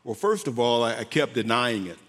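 Halting, heartfelt man, reverberant hall. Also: medium pitch, fairly bright tone. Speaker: guest, former pro football player. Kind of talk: emotional faith testimony.

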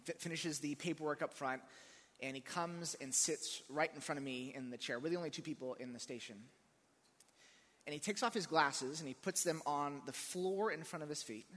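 A male pastor delivers a sermon in a relaxed storytelling way, slipping in dry humor. His voice is bright and a bit high. It rings out with the long reverb of a large hall.

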